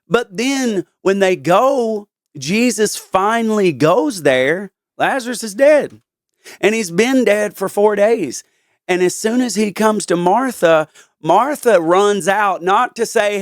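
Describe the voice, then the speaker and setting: A man hosting a podcast, talking earnestly through a Bible story in a casual chat. He is halting and often restarts his sentences. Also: sits high, animated, dry recording, studio quality.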